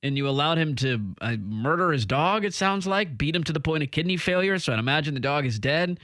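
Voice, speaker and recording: Bright-voiced male sports radio host. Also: fairly high pitch, expressive, no echo, clean studio sound. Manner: quick, joking banter with laughs. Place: radio studio. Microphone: studio mic.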